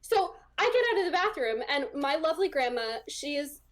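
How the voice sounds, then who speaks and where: Speaking briskly and expressively in a high voice, a young interview-show guest shares a personal story. Her casual, chatty delivery is packed with ums and likes, and she laughs a lot.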